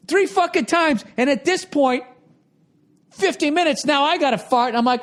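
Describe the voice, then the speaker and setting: A comedian in his forties tells an exasperated comic story, swearing constantly, his voice jumping up whenever he gets riled. His very high voice has lively intonation, a moderate pace and a slightly bright quality.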